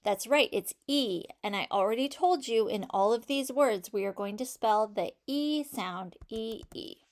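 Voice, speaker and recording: Woman teacher, slightly high voice, slow and patient, voice-over for a children's spelling lesson. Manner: slow, patient, encouraging, sounding out each sound.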